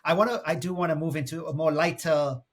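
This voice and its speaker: A man's voice: on the high side, steady tone. Effusive man co-hosting an interview. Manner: effusive, halting restarts. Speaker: podcast co-host. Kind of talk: casual interview talk.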